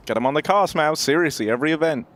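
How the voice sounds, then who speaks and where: Brief: male esports caster, a bit high, joking banter, faint game noise behind. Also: animated, rapid-fire, a bit bright. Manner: playful, swearing, banter-heavy. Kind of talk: live esports play-by-play.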